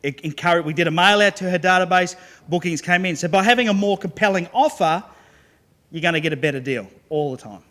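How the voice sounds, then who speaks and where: A man with a fairly high-pitched voice gives a business talk to a live audience. He is lively and joking and keeps pulling the listeners into the story. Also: fast. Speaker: business speaker.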